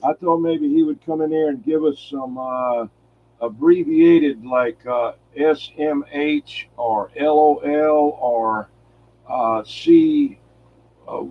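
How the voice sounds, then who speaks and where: A man chatting on CB radio with plenty of radio jargon, heard through a tinny transmission with faint static. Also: medium pitch. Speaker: CB radio operator. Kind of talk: casual on-air radio chat.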